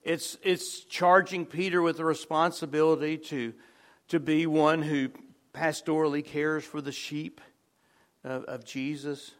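A man preaching a sermon in a conversational way, restarting phrases often and dropping to soft, low tones on key words. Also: steady tone, a little slow. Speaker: pastor.

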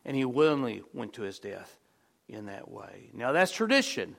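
A man with a gravelly, creaky voice delivers a conversational sermon at a middle pitch. He restarts phrases often and sinks into hushed low tones to stress key words. He sounds like a pastor talking straight to his congregation. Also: sing-song, normal speed.

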